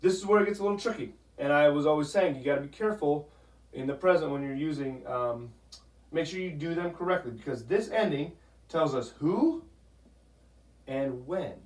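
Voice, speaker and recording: A man's voice: fairly high pitch, lively intonation, a little mellow, recorded from a distance. Man teaching Spanish verbs in an echoey room. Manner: patient, repeats "okay?" often, models pronunciation slowly. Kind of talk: classroom grammar lesson.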